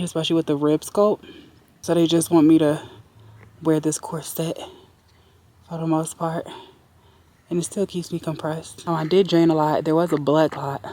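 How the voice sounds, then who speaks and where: A woman's voice: low voice, warm tone. A young woman vlogging casually, candid and blunt, swearing freely as she talks to her viewers. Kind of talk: casual vlog diary. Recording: background noise.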